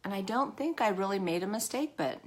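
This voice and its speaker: A woman's voice: medium pitch, animated, brisk. A woman hosting a casual live makeup tutorial, chatting nervously and laughing at herself as she works. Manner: chatty, nervous, self-deprecating, with a nervous cough. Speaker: makeup live-stream host.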